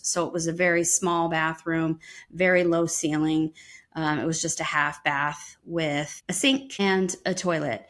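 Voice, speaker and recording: A woman podcast co-host telling a personal story in casual chat, lively and full of ums. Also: lowish voice. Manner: lively retelling with frequent ums.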